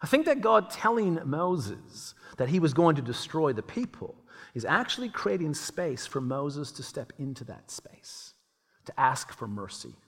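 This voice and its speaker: Man preaching, animated pitch, fairly high voice, conversational, long hall echo. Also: unhurried. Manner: lively, acts out quoted voices. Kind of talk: sermon.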